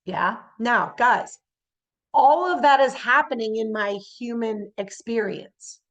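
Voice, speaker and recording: A woman giving a motivational spiritual talk. She often checks in with her listeners by asking "yes?" and acts out everyday scenes in lively voices. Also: fairly high pitch, slow pace, muffled recording. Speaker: spiritual speaker.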